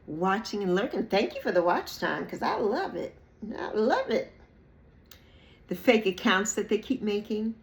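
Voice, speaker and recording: A woman's voice: medium pitch, very animated, a little slow. A woman in her early sixties talking to her viewers, emphatic and repetitive, sometimes mocking people in playful put-on voices. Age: 60s. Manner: emphatic, repeats phrases, mocks others in playful put-on voices. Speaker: YouTube creator. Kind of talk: reflective monologue to camera.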